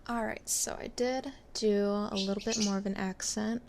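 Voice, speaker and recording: A woman narrating her own craft work in a relaxed, chatty way as she goes. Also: mid-range voice, normal speed, creaky, noisy background. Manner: relaxed, chatty, talks while working. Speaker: resin artist.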